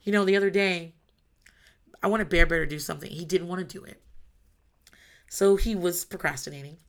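A woman's voice: lowish voice, fairly quick. A mother in her thirties talking candidly about parenting, blunt and emphatic, swearing freely. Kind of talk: casual monologue.

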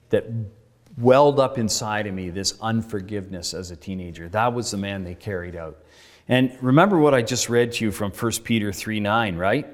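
A male pastor tells a story in his sermon, earnest and conversational, acting out the dialogue. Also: fairly low pitch. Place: church sanctuary. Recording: reverberant church hall.

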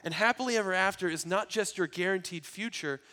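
A man with a somewhat higher voice preaches a sermon. He is earnest throughout and swings from loud, emphatic lines to hushed, quiet ones. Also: fairly quick. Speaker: pastor.

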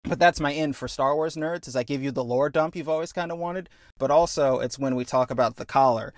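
Man, mid pitch, casual podcast co-host pitching a story, animated and profane, dry close sound. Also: a little fast, no echo. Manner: animated, acts out characters with profanity.

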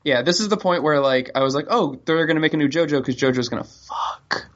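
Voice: medium pitch, a little fast, fairly bright tone, dull audio. A podcast co-host chatting casually, joking and laughing, and acting out lines from the show. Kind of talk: casual recap chat.

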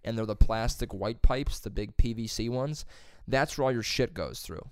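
A young plumber's helper rambles through a job story in casual chat, swearing constantly. His clear, resonant, middle-pitched voice moves at a moderate pace and is recorded close and dry, without echo.

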